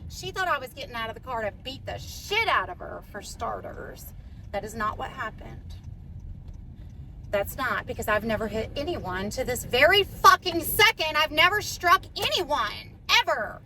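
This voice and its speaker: A woman's voice: fairly high pitch, expressive, moderate pace, pushed and bright, a little hiss or hum. A middle-aged woman, a podcast guest, telling a personal story in a blunt, profane, fired-up way.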